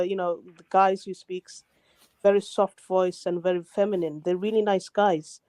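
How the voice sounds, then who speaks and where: A man's voice: high-pitched, level tone, moderate pace, dry recording, rough recording. Hesitant man, full of fillers. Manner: hesitant, filler-heavy, loud. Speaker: debate participant. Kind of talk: heated online debate.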